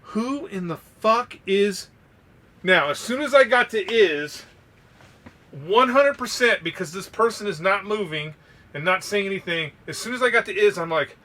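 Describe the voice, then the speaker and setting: A man co-hosting a podcast, telling a story in a loose, profane, animated way. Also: high voice, moderate pace, recorded from a distance. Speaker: podcast co-host. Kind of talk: casual storytelling.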